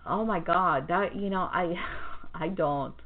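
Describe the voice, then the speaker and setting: A woman hosting a podcast, talking in a rambling, animated monologue full of fillers and restarts. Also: fairly low pitch, slow pace. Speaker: podcast host. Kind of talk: casual monologue about customer service. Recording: tinny phone-like sound.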